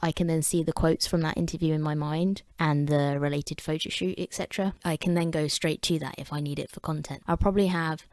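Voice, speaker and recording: A woman's voice: deep voice, fairly even intonation, brisk, hardly any pauses, darkish tone, no room sound. A woman with an English accent talking to camera in a wry, chatty vlog with self-deprecating asides. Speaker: vlogger. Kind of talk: casual talking-head commentary.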